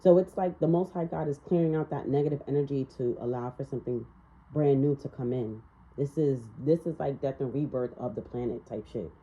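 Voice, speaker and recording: A woman's voice: rumbling low, brisk, dark tone, highs cut off. A woman giving a casual spiritual tarot reading in a blunt, ranting manner, swearing freely. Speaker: tarot reader.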